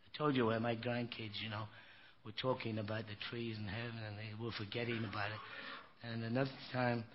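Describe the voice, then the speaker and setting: An older man preaching in a folksy, emphatic storytelling manner, his voice at an ordinary middle pitch. The recording is dull and lo-fi, with faint noise underneath. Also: flat delivery, brisk. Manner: emphatic, folksy storytelling with frequent "you know". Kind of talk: sermon.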